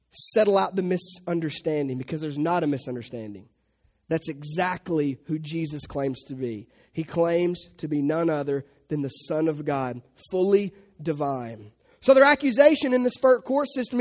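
High-voiced, conversational male preacher. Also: a little mellow. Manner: conversational, asks the audience questions; acts out quotes in funny voices. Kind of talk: sermon.

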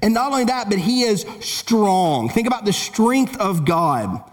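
A middle-aged man preaching a sermon in a lively, conversational way, with casual asides and jokes. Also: sits high, measured pace. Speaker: pastor.

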